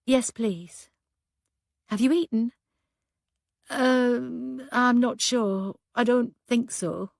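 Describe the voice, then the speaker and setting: A woman voicing a shaken, grieving woman who speaks hesitantly and near tears, pitched higher than her narration. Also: animated, unhurried, no echo, studio quality. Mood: fragile.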